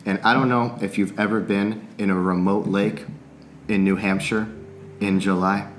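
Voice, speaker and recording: Animated, low-voiced male storyteller. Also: normal speed, a little hiss or hum. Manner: animated storyteller, swears freely, laughs often. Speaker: podcast guest, musician. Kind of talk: casual storytelling.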